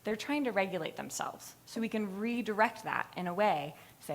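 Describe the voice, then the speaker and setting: A young adult woman giving a live capstone presentation, telling a story with lively, acted-out voices. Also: mid-range voice, moderate pace. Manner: expressive storytelling, acts out voices in anecdotes. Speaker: graduate student presenter. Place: presentation hall.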